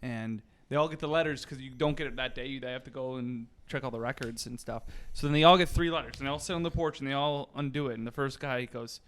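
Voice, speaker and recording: A young man with a mid-pitched voice, telling an old bar joke at an easy pace on a podcast. He chuckles often between lines. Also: quick pace, hardly any pauses, fairly bright tone, clean tone. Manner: laid-back storyteller, chuckles often. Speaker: podcast co-host.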